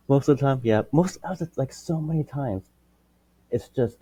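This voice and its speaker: A man's voice: medium pitch, slow pace, pauses often, mellow, slightly rough, dry recording. A man, a teacher and podcast guest, speaking in a blunt, matter-of-fact way in a casual interview.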